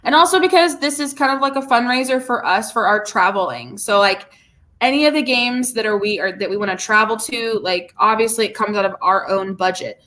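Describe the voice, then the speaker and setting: Bright, bubbly woman podcast co-host. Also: fairly high pitch, a little fast. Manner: bubbly and gushing, repeats herself when excited. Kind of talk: casual chat.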